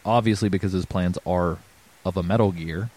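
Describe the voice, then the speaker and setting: Man, very low voice, loose podcast co-host, rambles with ums. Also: moderate pace, darkish tone. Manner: rambling, filler-heavy, swears. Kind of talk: casual game discussion.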